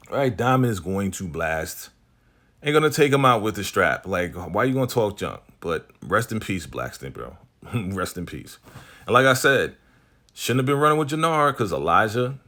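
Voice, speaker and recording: Male recap host, low voice, casual slang delivery, acts out the dialogue. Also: pushed and bright. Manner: slangy, laid-back, acts out the characters' lines.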